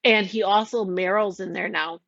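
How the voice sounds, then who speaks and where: A woman's voice: medium pitch, fairly even intonation, moderate pace, vocal fry, fairly bright tone, dry recording, lo-fi sound. A woman casually retelling a game's plot, rambling and giggly, full of "like" and little voices for the characters. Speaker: storyteller recounting a game plot.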